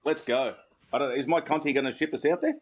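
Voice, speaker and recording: A man's voice: on the high side, quick pace, husky. A man co-hosting a podcast, telling stories in casual chat with emphatic energy. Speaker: podcast co-host, former tour caddie.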